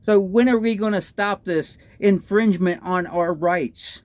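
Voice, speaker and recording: A man's voice: high voice, steady tone, a little slow, darkish tone, no room sound. A man with a Texan accent ranting in a political commentary, indignant and firing off repeated rhetorical questions. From Texas. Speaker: political vlogger.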